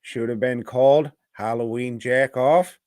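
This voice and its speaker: A man's voice: medium pitch, steady tone, measured pace, a little mellow, no room sound, studio quality. A man co-hosting a movie review podcast, rambling and joking in casual, profane banter sprinkled with "mate" slang.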